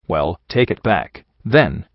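A man's voice: low voice, big pitch swings, slow pace, dry recording, muffled recording, voice pushed down, full character voice. A man voicing a sardonic young male pony soldier with a cold, who makes crude jokes and grumbles. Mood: grumbling. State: stuffy nose from a cold.

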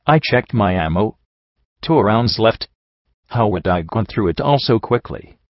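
A man reads a dramatic first-person story aloud in an earnest, emotional manner. His voice sits low. The recording is dry and dull, like a home setup with limited treble. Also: animated, unhurried, no echo. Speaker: narrator.

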